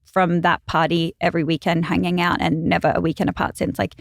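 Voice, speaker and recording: A young Australian woman chatting as a podcast guest, telling stories with quick asides. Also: lowish voice, little pitch movement, creaky, no echo, clean studio sound. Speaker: guest, brand founder. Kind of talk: casual chat. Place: podcast studio.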